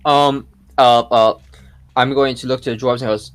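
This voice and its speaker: A man playing a tabletop game in character, speaking calm, polite and measured. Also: mid-range voice, clean tone, no echo. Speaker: player.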